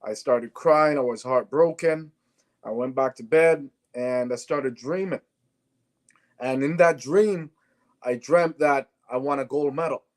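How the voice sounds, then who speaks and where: His voice is medium-pitched and unhurried as the Canadian ex-sprinter, now a businessman, shares stories on an interview show. He brings the conversations to life, voicing the dialogue with animation.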